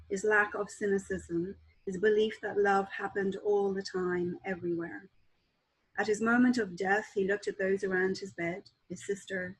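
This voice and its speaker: A woman author talking as a guest on a video call and reading aloud from her own book in a calm, measured way. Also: mid-range voice, husky, rough recording.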